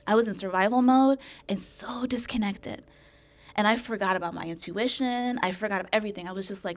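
Candid, expressive woman talking freely. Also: medium pitch, a little fast. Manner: candid and expressive, swears freely, acts out her past thoughts. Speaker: podcast guest. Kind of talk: casual podcast conversation.

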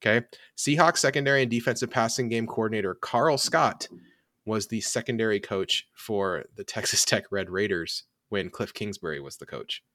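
A man's voice: lowish voice, moderate pace, fairly bright tone, no echo, clean studio sound. A man hosting a casual sports podcast, who laughs often as he runs the segments and keeps the chat moving. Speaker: podcast host.

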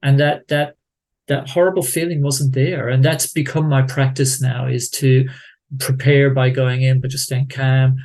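A man with an Irish accent, a research guest on a podcast, who talks haltingly and repeats words as he thinks. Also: medium pitch, flat delivery, a little mellow. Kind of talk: conversational interview.

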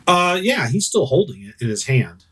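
A man's voice: medium pitch, sing-song, moderate pace, fairly bright tone, slight background noise. Guy dming a tabletop game, um-ing and sort-of-like-ing, mid voice, bit far from the mic. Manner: rambling, full of hesitations and "sort of, like". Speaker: game master.

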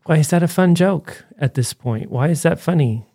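A man's voice: on the high side, normal speed, gravelly, no room sound, studio quality. A man co-hosting a podcast, talking through a movie review in a loose, rambling way full of fillers. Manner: rambling, animated, frequent "like" fillers. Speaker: podcast co-host. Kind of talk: casual film review chat.

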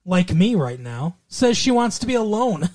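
Playful co-host with a lively voice. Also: mid-range voice, normal speed. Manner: playful, jokes, slips into silly voices. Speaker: podcast co-host. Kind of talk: casual chat.

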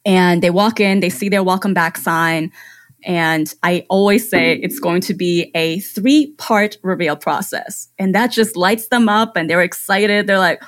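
A woman's voice: on the low side, measured pace. A woman photographer, a podcast guest, describing her client process step by step with enthusiasm. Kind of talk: conversational interview.

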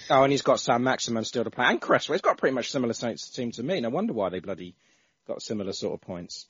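A man's voice: medium pitch, expressive, fast talker, a bit bright, slightly rough, dry recording. Chatty male podcast host, stumbling restarts, muffled dry recording. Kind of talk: casual football podcast chat. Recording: dull, dry, lo-fi sound.

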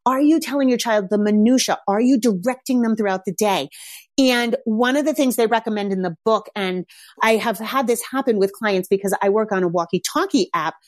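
A woman's voice: medium pitch, brisk, no room sound, clean studio sound. A middle-aged woman parenting coach talking casually, telling stories in a chatty way with lots of "like". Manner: chatty storytelling, frequent "like". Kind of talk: casual monologue.

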